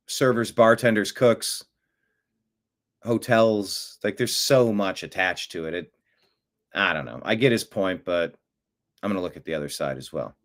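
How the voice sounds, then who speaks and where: A man hosting a talk show, giving rambling, opinionated political commentary that swings from mutters to loud outbursts. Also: low-pitched.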